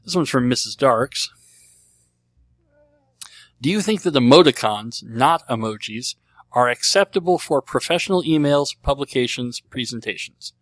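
A man's voice: medium pitch, lively intonation, normal speed, fairly bright tone, no room sound. A man hosting a casual podcast, answering listener questions in a rambling, conversational way as he thinks aloud. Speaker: podcast host.

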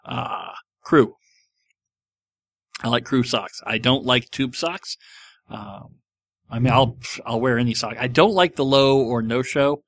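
A man's voice: medium pitch, takes it slowly, pauses often, fairly bright tone, dry recording. A middle-aged man hosting a casual podcast, answering listener questions in a rambling, self-mocking way. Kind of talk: casual chat.

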